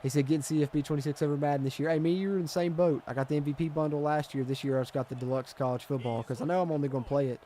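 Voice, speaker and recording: This gaming streamer's warm, slightly high voice comes out rapid-fire with few pauses and fairly even intonation, over a little hiss or hum. During live football video game play, he reads viewer comments and alternates between frustration and hype.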